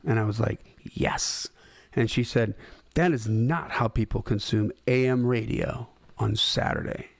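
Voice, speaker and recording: Middle-aged man, mid-pitched, lively storyteller, dry studio sound. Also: unhurried, vocal fry, no echo. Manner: animated, conversational, acts out quoted dialogue. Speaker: host. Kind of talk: storytelling talk.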